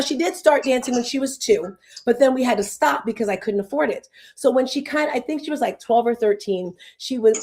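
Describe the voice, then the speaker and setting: A woman's voice: fairly high pitch, a little mellow. A woman in her fifties hosting a casual talk, rambling and emotional, sometimes close to tears. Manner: emotional, rambling, fast tangents. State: tearful. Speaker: host.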